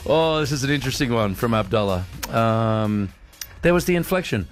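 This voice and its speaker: A man's voice: medium pitch, normal speed, soft background music. A man hosting a radio show, chatting casually and playfully with his team. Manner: playful, animated, self-mocking. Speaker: radio host.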